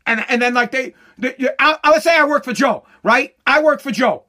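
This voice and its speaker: A woman delivering a heated, profane political rant in sarcastic commentary, swinging from shouts to slow, low emphasis.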